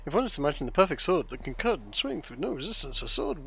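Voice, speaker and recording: A man playing a solemn male sword-master in a put-on German accent, reading old wisdom aloud in a grave, measured way. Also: on the high side, sing-song, vocal fry, a bit bright, slightly rough, muffled recording, full character voice. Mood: solemn recital.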